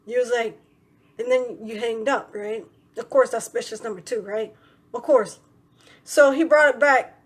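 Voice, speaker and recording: A woman's voice: a little high, normal speed, husky. A young woman vlogger telling a story in a casual, rambling way, full of "you know" and "right".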